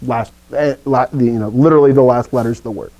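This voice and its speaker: A man's voice: medium pitch, fast, warm tone, rough recording. A man teaching a Greek class, explaining rules playfully and asking his students questions. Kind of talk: live classroom lesson.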